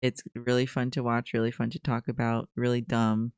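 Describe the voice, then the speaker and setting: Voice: medium pitch, monotone, normal speed, darkish tone, smooth, dry recording. A podcast co-host in casual chat, giving dry, blunt one-word summaries of characters.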